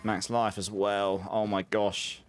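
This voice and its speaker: A man's voice: lowish voice, flat delivery, takes it slowly, slight background noise. A man giving casual, chatty gameplay commentary as a streamer, laughing often and humming little filler tunes. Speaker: game streamer.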